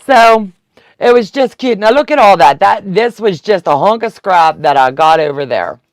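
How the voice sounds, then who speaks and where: A woman's voice: mid-range voice, expressive, normal speed, no echo. A woman, chatting and laughing as she teaches a quilting live stream. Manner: chatty, laughs often, talks to viewers. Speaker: quilting instructor. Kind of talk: casual live-stream tutorial.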